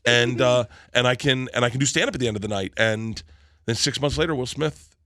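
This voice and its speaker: Animated storytelling man, bright voice. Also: medium pitch, fairly quick, no echo, studio quality. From Florida. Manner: animated, laughing storyteller acting out quotes. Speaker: comedian guest. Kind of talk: storytelling in casual interview.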